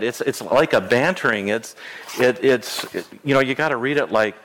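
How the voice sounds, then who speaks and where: A man's voice: mid-range voice, moderate pace, fairly bright tone. A middle-aged man preaching a sermon as a pastor, earnest, repeating phrases and restarting words as he goes. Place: church sanctuary. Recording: long church reverb.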